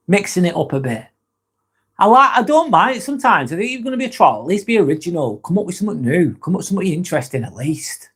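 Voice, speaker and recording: A man with a slightly high, husky voice hosts a casual live-stream chat, reading viewer comments aloud and answering bluntly and frankly with constant swearing.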